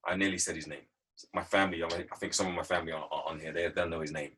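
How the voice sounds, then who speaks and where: The guest speaker, an Englishman on a video call, gives a motivational talk built on emphatic, repetitive stories from his working life. He talks fast in a low, fairly bright, slightly rough voice, and the recording is rough.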